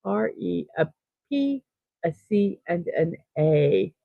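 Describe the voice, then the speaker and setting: A woman's voice: lowish voice, animated, takes it slowly, vocal fry, warm tone, no echo. A woman hosting a daily morning livestream, chatting casually and reading out viewer comments, upbeat and full of fillers. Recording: tinny phone-like sound, dry.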